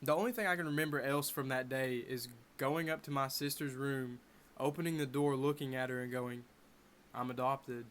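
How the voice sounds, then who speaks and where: A young man in his bedroom telling a personal story to camera in a casual, animated way with wry asides. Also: mid-range voice, a little fast, slight background noise. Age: young adult. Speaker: vlogger.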